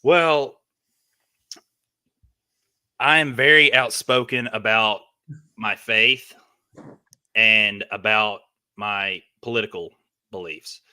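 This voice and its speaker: Lowish Southern man, bright voice. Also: takes it slowly, pauses often, smooth. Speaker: guest, ring announcer. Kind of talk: casual interview talk.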